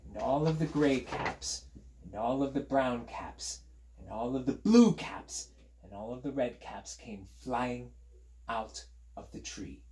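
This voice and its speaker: A man's voice: mid-range voice, lively intonation, measured pace, noisy background. Playful man reading a storybook aloud. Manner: playful, chatty, invites listeners to join in. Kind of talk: storytime read-aloud for children.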